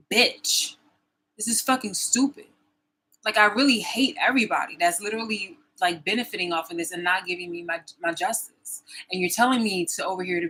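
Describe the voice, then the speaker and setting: Bright, husky-voiced woman ranting. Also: medium pitch, rough recording. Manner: profane, confrontational, repeats herself. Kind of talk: angry personal vlog rant.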